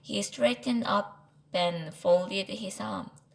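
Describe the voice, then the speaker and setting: A woman's voice: mid-range voice, lively intonation, slow, creaky, low-quality recording. A woman with a Korean accent, an English reading teacher, carefully reading a children's chapter book aloud with small slips.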